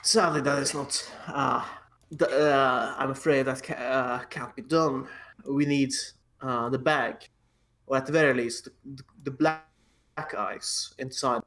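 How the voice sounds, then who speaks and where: A man's voice: mid-range voice, steady tone, a little slow, fairly bright tone. A man playing a tabletop game, talking in character with formal, courtly phrasing. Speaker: player.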